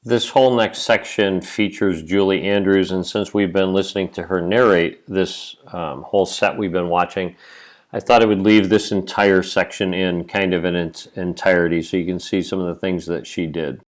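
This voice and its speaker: Low-voiced man giving casual commentary. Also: steady tone, moderate pace. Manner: informal, explanatory asides. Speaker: video commentator.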